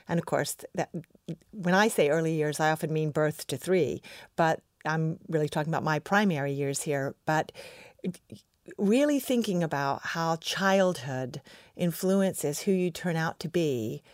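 A woman's voice: sits low, normal speed, a little mellow, no room sound, clean studio sound. Enthusiastic American woman guest. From United States. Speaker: research scientist, guest. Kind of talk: podcast interview.

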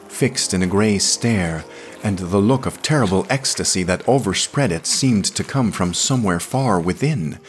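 A man narrating a story in a slow, measured, hushed dramatic reading. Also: low-pitched, a little hiss or hum. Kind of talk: dramatic audiobook reading of pulp science fiction.

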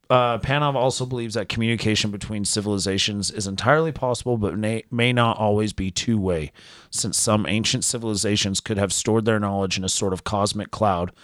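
A man's voice: on the low side, fairly bright tone, no echo, clean studio sound. A man co-hosting a podcast, reading a news story aloud in casual chat with frequent fillers and restarts. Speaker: podcast co-host.

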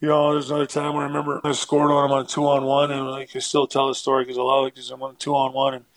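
A man's voice: mid-range voice, completely flat delivery, fast, no echo. A man, a former hockey player, telling rambling stories in a casual interview, full of fillers and acted-out quotes.

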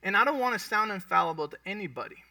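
Bright-voiced man preaching conversationally. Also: sits high, expressive, fast, no echo, recorded from a distance. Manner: conversational, checks in with the congregation. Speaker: pastor. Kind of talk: sermon teaching.

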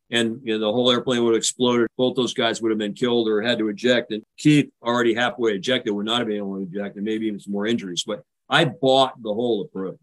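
Older american guy retelling a carrier landing story, animated, acts out the radio calls. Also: mid-range voice, poor audio. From United States. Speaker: guest. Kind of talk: storytelling in a podcast interview.

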